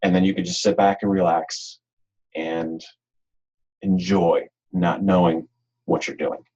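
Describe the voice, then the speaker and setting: A man's voice: sits low, flat delivery, unhurried, warm tone, lo-fi sound. A man presenting a webinar in a rambling, unscripted way, with frequent ums and repeated words.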